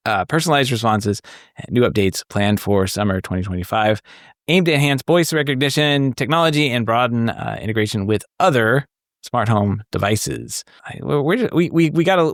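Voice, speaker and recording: A man's voice: mid-range voice, no echo, clean studio sound. A man hosting a tech podcast in casual chat, wry and self-mocking, often restarting his sentences. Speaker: podcast host.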